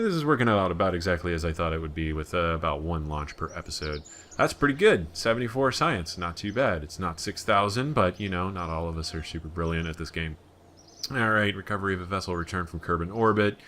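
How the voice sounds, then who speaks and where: A man's voice: deep voice, expressive, brisk, a bit bright, a little hiss or hum. An American man giving casual, rambling gameplay commentary with joking asides. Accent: General American. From United States. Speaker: let's play gamer.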